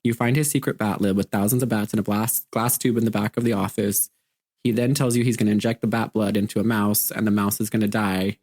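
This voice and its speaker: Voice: medium pitch, fast. A podcast co-host retelling a movie in casual, jokey chat. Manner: animated, jokey storytelling.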